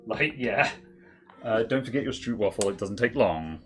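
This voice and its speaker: Chatty man with lively, rambling delivery. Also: fairly low pitch, measured pace, long pauses. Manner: rambling, self-correcting, laughs easily. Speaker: co-host of a tech stream. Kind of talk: casual chat while testing hardware. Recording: faint crackling noise.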